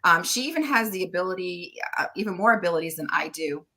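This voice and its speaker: A middle-aged woman, a guest on an interview show, chatting loudly and laughing often as she tells stories. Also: fairly low pitch, lively intonation, quick pace, gravelly. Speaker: guest, tarot reader and medium. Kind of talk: casual interview chat.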